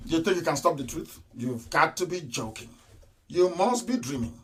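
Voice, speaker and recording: A Nigerian-accented man gives a live political broadcast in a high, sharp, forceful voice. He is defiant and accusing and hammers the same phrases again and again. His voice sits a little distant from the microphone. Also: lively intonation, moderate pace, slightly rough. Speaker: broadcaster of a live online transmission. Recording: voice a bit distant from the mic.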